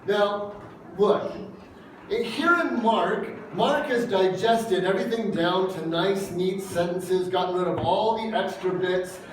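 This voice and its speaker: A man's voice: sits high, takes it slowly, heavy reverb, far from the mic, slight background noise, rough recording. A man preaching a sermon in a conversational, emphatic way, often putting questions to his congregation. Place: church hall.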